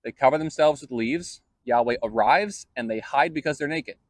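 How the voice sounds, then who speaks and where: Male host for a casual Bible teaching vlog, mid-pitched, dry close sound, loose and chatty. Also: moderate pace, no echo. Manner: conversational, with fillers and self-corrections.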